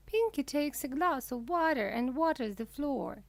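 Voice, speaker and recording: A woman reads a children's story in a slow, careful way for beginner learners. Her voice is fairly high and swings widely in pitch. The sound is close and dry. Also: no echo. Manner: clear, deliberate reading with lively pitch. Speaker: reader.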